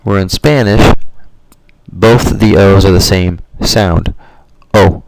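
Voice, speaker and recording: A man teaching Spanish vocabulary over a slideshow in a relaxed, explanatory way, correcting himself as he goes. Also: deep voice, slow, gravelly, noisy background. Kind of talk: slideshow language lesson.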